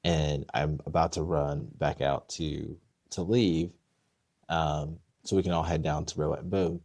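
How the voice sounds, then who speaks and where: A young man telling a story in casual chat, animated and acting out the voices of the people in it. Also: rumbling low, unhurried, slightly rough, no echo. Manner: animated, acts out quoted voices. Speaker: podcast guest.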